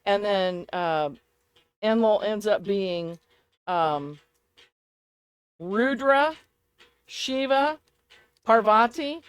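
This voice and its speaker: A woman co-hosting a loose, casual podcast conversation. She rambles from thought to thought in an animated way and laughs often. Her voice sits at an ordinary middle pitch. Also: drawn-out words, pauses often, smooth, low-quality recording. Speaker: podcast co-host. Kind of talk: casual chat.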